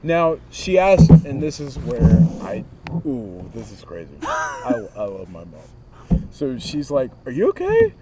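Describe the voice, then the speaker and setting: A man's voice: mid-range voice, slow, a crowd in the background. A man in his twenties talking casually with a friend, telling a story with lots of expression and acting out other people's lines. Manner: animated storyteller who acts out quotes. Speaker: vlogger. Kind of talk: casual conversation. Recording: distant mic with clear noise.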